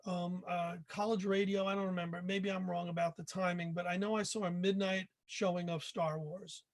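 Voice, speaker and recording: Guest, male, 60s, high voice, eager self-deprecating anecdotes, dry close mic. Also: little pitch movement, normal speed, dry recording. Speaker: podcast guest, author. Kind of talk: casual interview chat.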